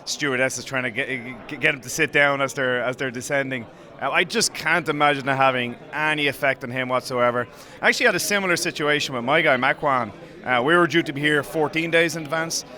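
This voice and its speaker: Chatty bright-voiced male fight coach. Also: mid-range voice, quick pace. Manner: friendly, chatty, laughing storyteller. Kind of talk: casual interview chat.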